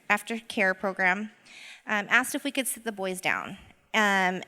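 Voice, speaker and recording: A woman's voice: medium pitch, sharp tone, long reverb tail. A woman educator and mother speaking in a reflective, storytelling way in a podcast interview. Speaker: guest, educator.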